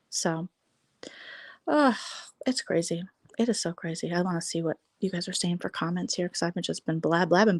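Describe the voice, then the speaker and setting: A woman's voice: fairly low pitch, gravelly, no echo, studio quality. An American woman hosting a casual livestream, giving sarcastic, gossipy commentary on online drama and thanking viewers for super chats. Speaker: livestream host.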